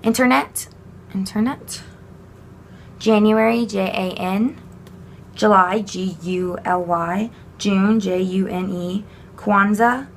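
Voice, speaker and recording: A young woman walks through sign vocabulary in a relaxed, slow way, full of ums and little laughs. Her voice has a gravelly, fry-heavy edge. Faint background hiss is heard, as from a home camera mic. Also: medium pitch. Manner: chatty, slow, with frequent fillers and small laughs. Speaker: sign language vocabulary teacher. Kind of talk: casual vocabulary walkthrough.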